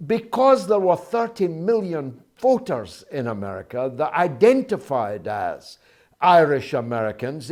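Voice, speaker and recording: A man hosting a political interview, speaking in a measured way with frequent pauses. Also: fairly high pitch. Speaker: interview host.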